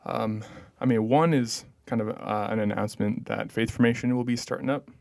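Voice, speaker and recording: A man's voice: medium pitch, steady tone, brisk, gravelly, darkish tone, dry recording, studio quality. A young man hosting a parish podcast, chatting casually and hesitantly with many fillers. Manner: hesitant, lots of "um" and "like". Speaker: podcast host and parish staff. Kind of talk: casual chat.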